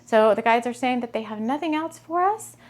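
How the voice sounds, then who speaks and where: A woman with a somewhat high voice hosts a spiritual show. She rambles and gushes in loose, casual chat, giggling often as she talks into her camera. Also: lively intonation, fairly quick. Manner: chatty, rambling, giggly and gushing. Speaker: spiritual podcast host.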